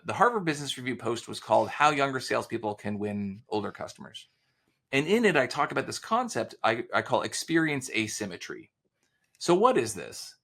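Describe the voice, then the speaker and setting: Male podcast guest, lively up-and-down delivery, gravelly edge, talks in anecdotes and quoted back-and-forth. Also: mid-range voice. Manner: animated storyteller, acts out quoted dialogue. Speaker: sales author and consultant guest. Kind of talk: casual podcast interview.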